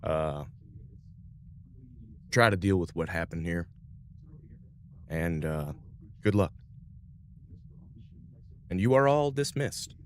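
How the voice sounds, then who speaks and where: Low-voiced man running a tabletop game. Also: takes it slowly, pauses often, slight background noise. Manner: casual, relaxed narration with fillers. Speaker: game master.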